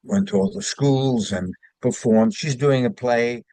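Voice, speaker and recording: A man's voice: medium pitch, sing-song, unhurried, vocal fry, mellow, no echo. An older man from Brooklyn, chatting as an interview guest and rambling through anecdotes with fillers and restarts. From Brooklyn, New York. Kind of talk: casual interview chat.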